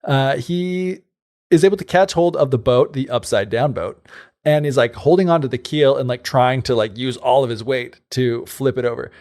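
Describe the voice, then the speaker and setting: Speaking at a moderate pace in a slightly mellow, mid-range voice, this podcast co-host meanders through a fairy tale. It's relaxed storytelling chat, peppered with "like" and asides.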